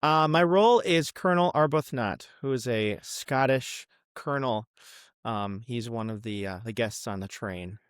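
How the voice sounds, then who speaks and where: A young man in his twenties chatting as a podcast guest, friendly and unhurried, often pausing with an um or uh. His voice sits at a middle pitch and the recording is dry, with no room echo. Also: smooth. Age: 20s. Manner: friendly, easygoing, many ums and uhs. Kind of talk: casual interview.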